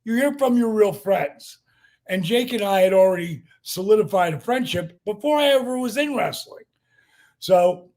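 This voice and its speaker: High-voiced older man telling wild stories. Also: darkish tone. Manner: profane, acts out quotes, lots of fillers. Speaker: guest. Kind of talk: animated storytelling.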